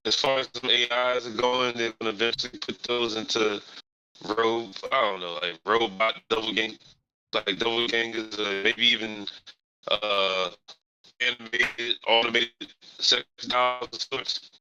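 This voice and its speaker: A man's voice: mid-range voice, fairly even intonation, a little slow, bright, forceful tone, a little hiss or hum. A man guesting on a podcast in casual chat over a voice call, talking bluntly and crudely. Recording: muffled lo-fi voice call.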